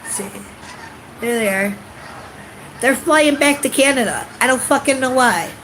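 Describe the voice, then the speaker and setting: A woman's voice: high-pitched, expressive, unhurried, fairly bright tone, a little hiss or hum, poor audio. A woman venting in a casual vlog, blunt and profane, sounding congested, recorded outdoors on a phone camera. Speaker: vlogger.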